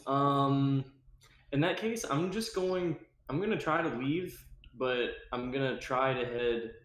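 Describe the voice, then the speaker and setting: A man's voice: medium pitch, slow, fairly bright tone. A man playing a tabletop game, talking casually and hesitantly with many fillers, in an echoey room. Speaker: player.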